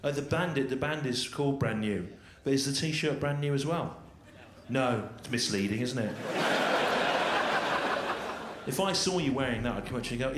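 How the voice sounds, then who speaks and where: Crowd work from a stand-up comedian on stage at a large live comedy venue: he sounds dry, repetitive and mock-exasperated. His voice is mid-range and a little fast. The sound is echoey and loud, with audience laughter behind him.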